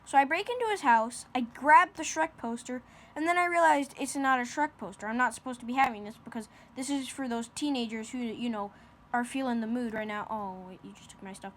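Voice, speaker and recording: A woman's voice: fairly high pitch, a little fast. A woman improvising a silly comic story, rambling with lots of fillers and restarts.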